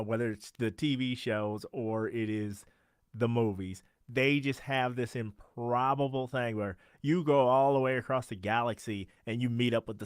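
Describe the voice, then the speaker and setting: A man's voice: medium pitch, clean tone, no echo, studio quality. A man co-hosting a podcast, recapping a TV episode in casual chat and laughing often. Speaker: podcast co-host.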